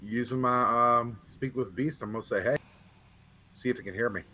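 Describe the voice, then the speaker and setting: A man playing in a tabletop game, chatting eagerly and excitably. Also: mid-range voice, brisk. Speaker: player. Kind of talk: casual tabletop game chat.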